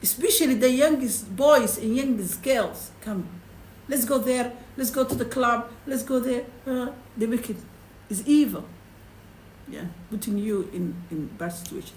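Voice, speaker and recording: This Quran teacher has a high voice and tells a hadith to a small group of students. After a fast Arabic recitation, she animatedly goes back over it in plain, broken English, moving between languages. The room echoes, and there's faint background noise.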